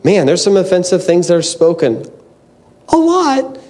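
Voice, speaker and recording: A man delivers a sermon in an earnest, conversational way rather than a polished one. His voice sits a little high for a man. He often breaks off and restarts his sentences and peppers them with casual fillers. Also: sing-song, moderate pace, darkish tone. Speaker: preacher.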